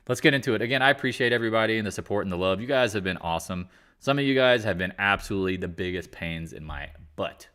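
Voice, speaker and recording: A man's voice: on the low side, lively intonation, fast, pushed and bright, clean tone. Blunt, rambling man hosting market chat. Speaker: market commentary host. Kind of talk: casual live market chat.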